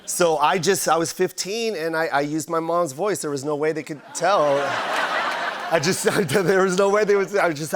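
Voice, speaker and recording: A man, a guest comedian, telling animated stories on a TV talk show and acting out the voices of people in them. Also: high-pitched, moderate pace, crowd noise, noisy background. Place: TV studio with live audience.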